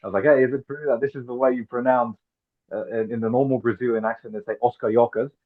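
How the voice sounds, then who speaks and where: A man's voice: medium pitch, steady tone, quick pace. A man interviewing in casual conversation, chatty and explaining things with amused asides. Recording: phone-like narrow sound.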